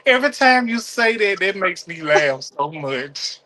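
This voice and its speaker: A man's voice: high-pitched, very animated, a little slow, pushed and bright. A man in casual group chat who laughs easily and apologizes often.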